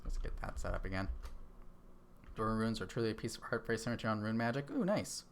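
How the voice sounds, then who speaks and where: A gravelly, fairly low male voice speaks quickly over slight background noise. He's live-streaming a game, casually chatting into a desk mic, musing aloud and replying to viewers in chat.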